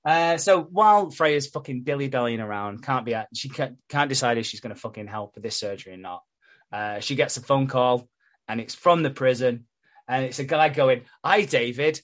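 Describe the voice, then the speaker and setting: A man's voice: medium pitch, brisk. A man co-hosting a podcast, casually recapping a soap with plenty of swearing and laughter. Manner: sweary, laughing, retells scenes with quoted voices. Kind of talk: casual chat.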